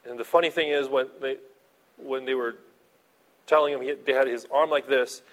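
A man preaching a sermon as a pastor, animated, swinging between soft asides and loud emphasis. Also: mid-range voice, moderate pace.

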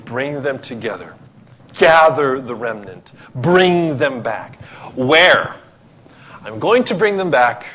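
A man's voice: fairly high pitch, a bit bright, husky. A man from the Philippines, preaching a sermon as pastor, emphatic and full of rhetorical questions.

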